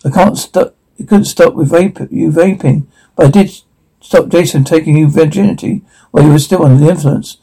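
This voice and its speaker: A man voices a lonely young man who has made a school cellar his home. His tone sits a touch high and mellow, and he talks in soft, rambling bursts of unsettling devotion. Like a horror game figure, he sounds sincere and off at once. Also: fairly quick, gravelly, slightly rough, poor audio. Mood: preachy.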